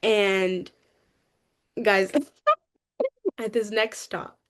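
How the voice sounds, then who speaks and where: A young woman giving a lively personal testimony to a youth group, talkative and acting out what people said. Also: drawn-out words. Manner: animated, talkative, acts out quotes with rising pitch.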